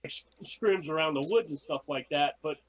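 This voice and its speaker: Middle-aged guy with a high voice, chatty storyteller, acts out what he said back then. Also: moderate pace, low-quality recording. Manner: animated, acts out his own past lines. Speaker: podcast guest. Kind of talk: casual storytelling.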